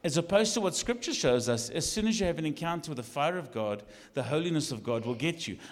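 A man, a lead pastor, preaching in a church, jokey and animated, jumping from shouts to quiet asides. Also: on the high side, quick pace, long reverb tail. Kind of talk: sermon. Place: church hall.

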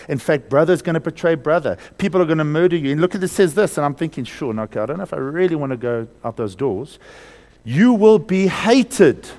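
Male preacher, slightly high, very animated pitch, sermon delivery with loud and hushed swings and call-and-repeat. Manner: asks the congregation questions and has them repeat words.

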